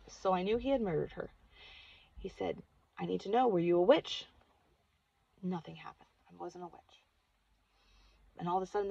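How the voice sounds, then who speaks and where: A woman's voice: fairly low pitch, creaky, husky, dull audio. A woman vlogger casually telling a personal story, earnest and chatty, saying "like" constantly.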